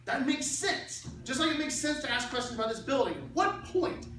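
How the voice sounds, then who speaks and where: A middle-aged man giving a persuasive lecture in an animated, conversational way, repeating key phrases for emphasis. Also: very high-pitched, normal speed. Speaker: speaker. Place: large hall in a church building. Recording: very echoey hall from far off.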